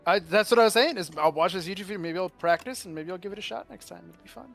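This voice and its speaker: A man's voice: high-pitched, racing, vocal fry, a bit bright, faint music behind. A man chatting casually as a player in a tabletop game, rambling and self-deprecating. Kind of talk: casual chat.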